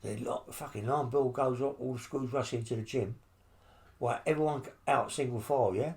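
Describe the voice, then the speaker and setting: This older Englishman from London, a former criminal, tells prison stories in an interview. His voice is mid-range, a bit mellow, and fairly quick. He's blunt and rambling, with lots of swearing and tag questions.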